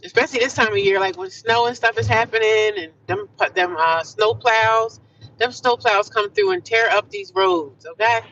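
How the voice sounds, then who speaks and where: Her voice is medium-pitched and a bit bright, moving at a moderate pace as she chats casually behind the wheel during a car livestream. This middle-aged vlogger stays upbeat, piling on affirmations and calling viewers "honey" and "child." It's recorded from a distance with lo-fi sound and slight background noise.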